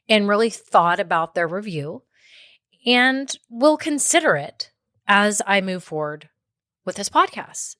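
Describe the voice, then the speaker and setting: A woman's voice: on the high side, fairly bright tone, no room sound, studio quality. A woman hosting a podcast and giving business advice in a chatty way, often checking in with "okay?" and "right?". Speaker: podcast host. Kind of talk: solo business advice talk.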